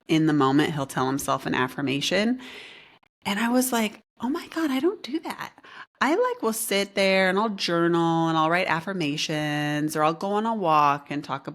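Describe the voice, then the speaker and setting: A woman co-hosting a podcast, telling a story in a chatty way with many fillers. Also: sits low. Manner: chatty, many fillers, animated quoted voices. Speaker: podcast co-host. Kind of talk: casual chat, storytelling.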